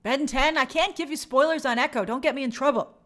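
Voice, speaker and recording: A woman's voice: sits high, a little fast, fairly bright tone. A woman hosting a livestream, chatting casually and reading viewer comments aloud in an upbeat way. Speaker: host reading live chat.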